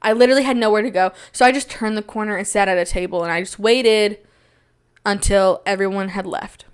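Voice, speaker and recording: A young woman hosting a podcast, telling stories in a rambling, self-deprecating monologue with big jumps in pitch when she quotes people. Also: fairly even intonation, fairly quick, clear, resonant tone. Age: young adult. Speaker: podcast host. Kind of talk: casual storytelling monologue.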